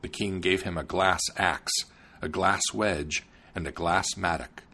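Husky man reading a fairy tale. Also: sits low, steady tone, a little slow, bright, forceful tone. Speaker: narrator. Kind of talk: storybook narration.

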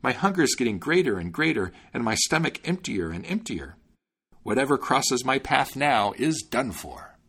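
A man's voice: mid-range voice, big pitch swings, moderate pace, a bit bright, breathy edge, voice pushed up, exaggerated voice. A man voicing a cheerful, hungry little tailor with a jaunty manner. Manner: jaunty, good-humored.

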